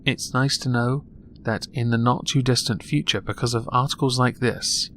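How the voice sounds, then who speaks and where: A young man speaks in an English accent, his voice sitting at an ordinary middle pitch. He delivers vlog commentary in a dry, mocking, self-deprecating way. A faint hiss runs under the recording. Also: fairly even intonation, moderate pace, fairly bright tone. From England. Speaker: YouTube commentator.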